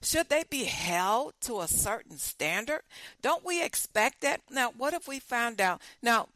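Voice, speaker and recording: A female talk show host with a slightly high, animated, sharp-toned voice delivers a casual monologue at a measured pace. She muses aloud, rambling with many restarts and repeated questions. The audio is poor but has no room sound.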